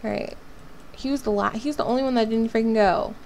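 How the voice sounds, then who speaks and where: A woman's voice: on the high side, fairly even intonation, a little fast, darkish tone, slight background noise. A woman hosting a life-sim game video, chatting casually and talking to her characters as she plays. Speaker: gaming channel host. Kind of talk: casual let's-play commentary.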